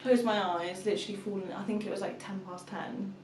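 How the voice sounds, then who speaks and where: A woman's voice: mid-range voice, steady tone, a little fast, darkish tone, a little hiss or hum. A young woman and mother chatting casually to camera, telling a story and acting out her toddler's calls. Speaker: vlogger, mother of two. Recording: echoey room, mic at a distance.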